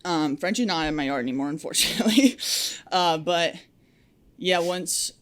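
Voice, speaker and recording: A woman's voice: on the low side, lively intonation, moderate pace. A young adult woman who works as a lineman, talking candidly and outspokenly in a casual podcast interview, with frequent fillers. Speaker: powerline lineman guest.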